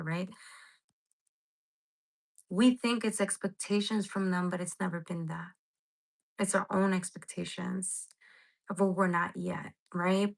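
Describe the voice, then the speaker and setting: A woman's voice: mid-range voice, gravelly, low-quality recording. A woman reading tarot cards live for her viewers, rambling and emotional, near tears, swearing casually as she talks to them directly. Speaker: tarot reader.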